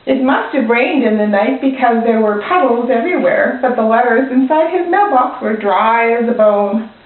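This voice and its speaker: A young woman reads a picture book aloud in a gentle storytime manner, her voice pitched a little high. The sound is tinny and phone-like, with heavy echo from the room. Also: lively intonation, moderate pace, recorded from a distance. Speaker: library student reading a picture book.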